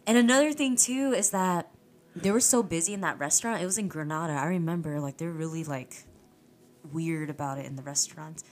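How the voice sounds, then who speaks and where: A woman telling animated stories in a casual chat, swearing and laughing as she goes. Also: sits low, fairly quick. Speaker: podcast guest.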